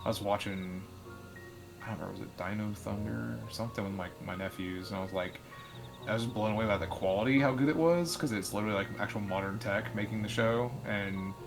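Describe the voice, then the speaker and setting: Low-voiced man rambling over a game. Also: a little fast, vocal fry, music in the background, poor audio. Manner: rambling, lots of fillers, opinionated. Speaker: co-host of a let's play stream. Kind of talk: casual chat while gaming.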